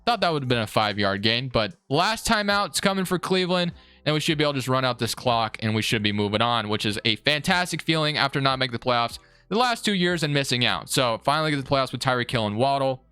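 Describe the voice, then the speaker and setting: A young man giving live commentary on his own football video game, excitable and swinging between frustration and hype. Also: mid-range voice, fast talker, clean tone, no echo, faint music behind. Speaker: gaming YouTuber.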